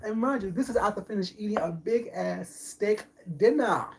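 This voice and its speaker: A man's voice: high voice, moderate pace, gravelly, darkish tone, husky. A middle-aged man in a casual live-stream chat as a food vlogger, talking in a sassy, boastful, flamboyant way.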